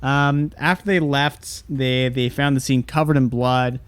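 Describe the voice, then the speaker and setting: Dude on a podcast reading headlines, laid back and a bit halting, mid voice, dry close sound. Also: male voice, mid-range voice, steady tone, clear, resonant tone, no echo. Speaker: podcast co-host. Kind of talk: casual chat, reading headlines.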